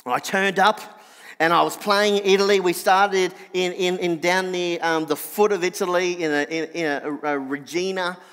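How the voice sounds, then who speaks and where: A middle-aged Australian man with a nasal voice, telling a personal story in an animated sermon. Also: moderate pace, clean tone, big-room sound. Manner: animated anecdotal, drops soft and low for reflection. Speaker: preacher.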